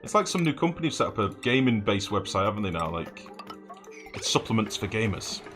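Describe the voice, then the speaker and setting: A man's voice: on the low side, sing-song, brisk, music in the background. A man streaming a game live, rambling and swearing as he builds, often humming and mumbling to himself. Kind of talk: live gameplay commentary.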